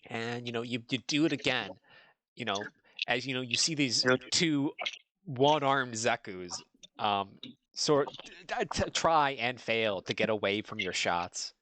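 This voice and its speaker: A man running a tabletop game as game master, narrating in a halting way full of "you know" fillers. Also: medium pitch, expressive, sharp tone, no echo.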